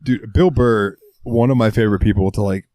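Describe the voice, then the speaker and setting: A young man chatting on a podcast, his voice a little worn and strained. He talks in a laid-back way, swears freely and keeps clearing his throat. The sound is dry and close. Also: on the low side, a little fast, warm tone, dry recording. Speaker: podcast co-host. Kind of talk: casual chat.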